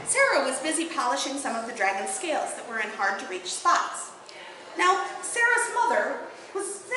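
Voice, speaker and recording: A woman telling a fairy tale aloud to a live audience at a bardic gathering, in an expressive, lilting way. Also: high voice, a little hiss or hum. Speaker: storyteller. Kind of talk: oral storytelling at a bardic gathering. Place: indoor event hall, live audience. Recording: very echoey hall.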